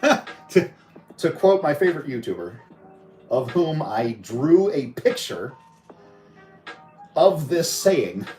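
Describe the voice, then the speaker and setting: A man's voice: a little high, very animated, takes it slowly, pauses often, mellow, faint music behind, poor audio. A man casually reviewing toys on a live stream, rambling and chatty with lots of fillers. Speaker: toy reviewer.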